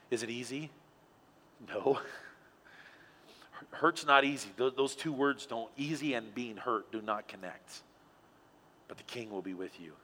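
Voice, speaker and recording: Male pastor, sermon, animated storyteller; bright tone, long hall reverb. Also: fairly low pitch, slight background noise. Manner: animated, storytelling, drops quiet for emphasis.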